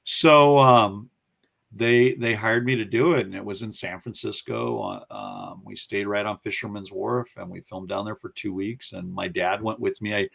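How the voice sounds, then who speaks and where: A man's voice: fairly low pitch, normal speed, vocal fry. A man in a casual interview, telling a story with energy and acting out the voices of the people he quotes. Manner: animated storyteller who acts out quoted voices. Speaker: guest recounting his career.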